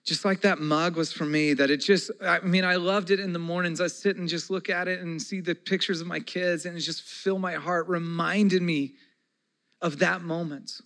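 A pastor in his forties delivers a sermon in a slightly higher-than-average male voice. He keeps it conversational and earnest, slipping in folksy asides as he speaks. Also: fairly even intonation, normal speed, a bit bright.

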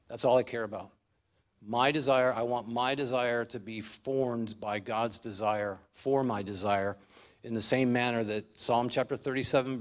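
A man as pastor, giving an earnest expository sermon that builds to emphatic stretches. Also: mid-range voice.

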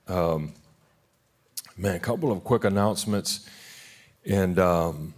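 A man's voice: sits low, slow pace, pauses often, darkish tone. A man pastoring a church service, talking in an informal, heartfelt way with many restarts, then praying. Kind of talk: sermon and prayer. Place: church sanctuary.

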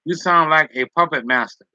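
Man, live-stream chat, teasing and joking, bright forceful voice, slightly high, dull dry lo-fi sound. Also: no room sound. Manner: teasing, joking, laughs often.

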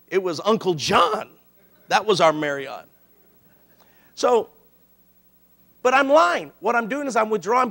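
A middle-aged man preaches a sermon in a high, bright voice with a gravelly edge. He tells stories lively and animated, slipping into the voices of the people he quotes. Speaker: pastor.

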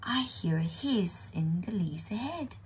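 A woman's voice: medium pitch, animated, measured pace, slight background noise, close to an everyday voice. A woman playing a big, gullible storybook monster. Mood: wondering. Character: huge gullible monster, easily impressed.

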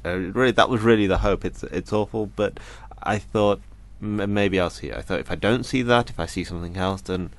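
A young British man, speaking as an interview guest in a very low register, recounts his story to an interviewer in an earnest, reflective way. He often stumbles and restarts, pausing to quote the people he met.

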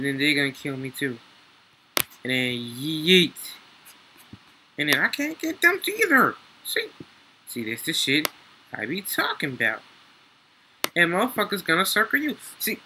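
A young man, excitedly commentating his gameplay, slangy and swearing freely. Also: fairly high pitch, noisy background. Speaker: gaming YouTuber.

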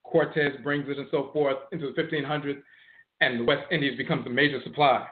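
A man giving a lecture on history and word origins, slowly explaining, repeating and spelling out terms. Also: medium pitch, steady tone. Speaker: teacher of ancestral religion. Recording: tinny phone-like audio.

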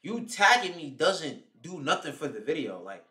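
A man's voice: a little high, sing-song, moderate pace, sharp tone. A young man live streaming, roasting someone in a heated, mocking, profane rant. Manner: mocking, heated, swears constantly.

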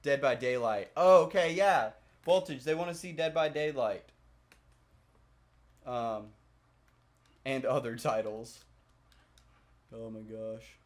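A man's voice: mid-range voice, slow pace, pauses often. A young man casually commenting while he plays a video game, swearing often and chatting with viewers. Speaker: gaming video host.

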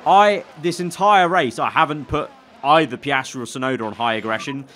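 A young man commentating live as he plays a racing management game, excitable and talking to himself. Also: medium pitch, normal speed, a little hiss or hum. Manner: excitable, talks to himself while managing the race. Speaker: gaming YouTuber.

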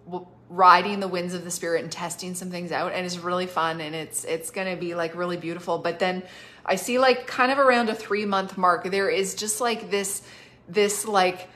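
A prophetic minister with a lowish, somewhat bright voice talks at normal speed on a live stream, offering people impromptu prophetic words. She's got a cough and is on cough syrup, but she stays bubbly and chatty, laughing often and saying "like" a lot.

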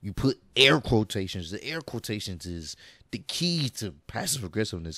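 A man's voice: lowish voice, normal speed, no echo. A man hosting a reaction video, chatting casually and laughing as he comments on a clip. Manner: laughing, animated, slangy; talks over a played clip.

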